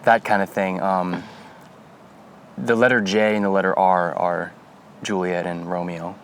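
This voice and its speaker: Lowish-voiced man joking on a podcast. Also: measured pace, slight background noise. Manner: animated, joking, lots of fillers. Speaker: podcast co-host. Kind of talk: casual chat.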